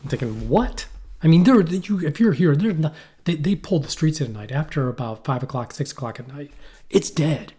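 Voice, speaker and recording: A man's voice: a little high, lively intonation, fairly quick, dark tone, husky. A middle-aged man co-hosting a podcast, telling rambling stories with swearing and acted-out quotes. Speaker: podcast co-host. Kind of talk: casual chat. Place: cold shack.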